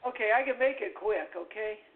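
A man with a gravelly, creaky voice chats and tells a long joke in a playful storyteller's manner. He sounds tinny and narrow, like an internet radio call over a phone line. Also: high voice, animated, a little fast. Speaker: co-host. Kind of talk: casual chat, reading a joke aloud.

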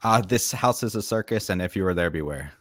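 A man from the United States with an American accent, a guest on a podcast quiz, answering in a relaxed, hesitant way. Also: low-pitched, fairly quick, dry recording, clean studio sound. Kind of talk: casual quiz chat.

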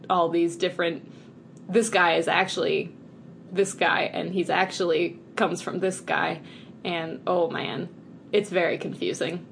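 A woman's voice: lowish voice, gravelly, slight background noise. A woman co-hosting a podcast in casual chat, rambling cheerfully and laughing often. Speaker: podcast co-host.

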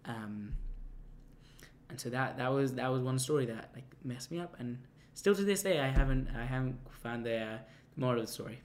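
A young man telling a casual anecdote, rambling and halting with many restarts and fillers. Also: mid-range voice. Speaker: storyteller.

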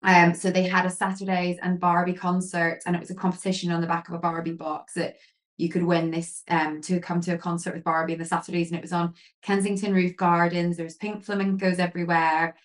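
A woman guest chatting in an interview, telling lively stories full of fillers and acting out what people said. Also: lowish voice, fairly quick. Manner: lively storyteller, many fillers, acts out quotes. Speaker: guest, pageant queen and photographer. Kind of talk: casual interview chat.

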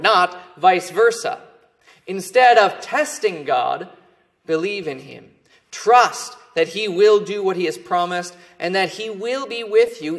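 A male pastor preaching with a somewhat high voice. He speaks earnestly and stresses his key words, letting the ends of his phrases drop off quietly. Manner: earnest, emphatic preaching with falling phrase endings. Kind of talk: sermon.

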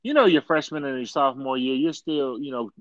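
A man's voice: medium pitch, fairly quick, dry recording, muffled recording. A man in casual chat, telling stories with lots of laughter and repeated slang. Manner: animated storyteller, says "dog" often, laughs while telling.

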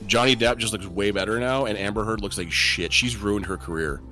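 A man co-hosting a casual chat podcast, telling stories with laughter and mimicking a mumbling witness in low, quiet tones. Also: a little fast, over loud music. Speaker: podcast co-host.

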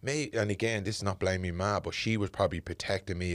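A middle-aged man from Dublin hosts a casual podcast, speaking earnestly and thoughtfully with lots of fillers. His voice is low and steady, he talks fast, and there's no echo.

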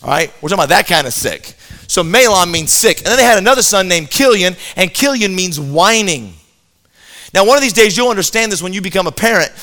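A man's voice: high voice, fairly quick. A man preaching a sermon, telling a Bible story with jokes and acting out the characters' lines. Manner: lively, joking storyteller who acts out quoted characters.

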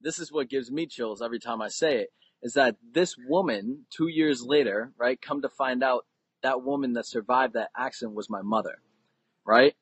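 A man's voice: medium pitch, normal speed, husky, no echo, poor audio. A man on a podcast, telling a personal story in an earnest, conversational way that builds suspense. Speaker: podcast guest.

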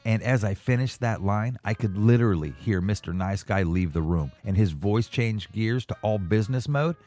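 A man's voice: lowish voice, normal speed, few pauses, a little mellow. A man hosting a podcast, telling a personal anecdote in a wry, casual storytelling manner. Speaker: podcast host.

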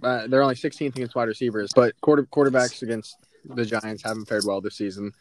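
A man's voice: medium pitch, fairly even intonation, fast talker, slight background noise. A man hosting a casual podcast, methodically walking through rankings and numbers. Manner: methodical, reels off rankings and stats. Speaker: podcast host presenting matchups.

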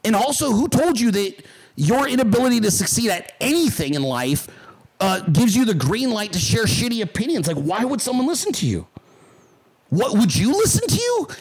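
A man's voice: sits high, husky. A man hosting a casual livestream show, talking bluntly and with lots of swearing, and mocking his critics in put-on voices. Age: adult. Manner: blunt, profane, combative; mocks callers in put-on voices. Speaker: podcast host.

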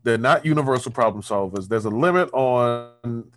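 A man speaking in quick, casual conversation with an emphatic tone. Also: medium pitch.

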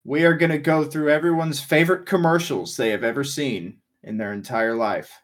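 A man's voice: fairly high pitch, moderate pace. A man hosting a casual podcast chat, running the segments assertively and laughing easily. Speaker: podcast host.

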